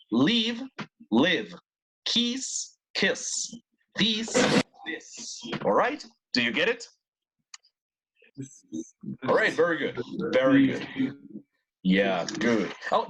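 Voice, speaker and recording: A man's voice: on the high side, fairly bright tone, husky. Encouraging bilingual English teacher, man. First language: Spanish. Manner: switches between English and Spanish, encouraging, repeats words for drills. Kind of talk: online class teaching.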